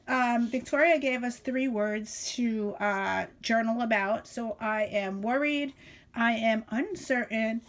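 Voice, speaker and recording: Middle-aged woman, casual home vlog, hesitant, filler-heavy, a bit emotional. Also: a little high. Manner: hesitant, many ums and uhs, emotional. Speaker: vlogger. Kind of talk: casual journal flip-through.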